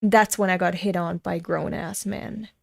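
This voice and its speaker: A woman's voice: on the low side, steady tone, measured pace, creaky. A woman in her twenties reading a comic aloud and ranting frankly about it, swearing freely. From Europe. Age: 20s. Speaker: webcomic reader and commentator.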